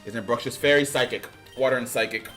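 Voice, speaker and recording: A man talks through his game as he plays it, thinking out loud in a loose, rambling way. His pitch sits in an ordinary middle range, and now and then his voice jumps up with excitement. Faint music plays behind him. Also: fairly quick. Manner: musing, trails off, then bursts into loud excitement. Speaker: streamer. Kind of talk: casual game commentary.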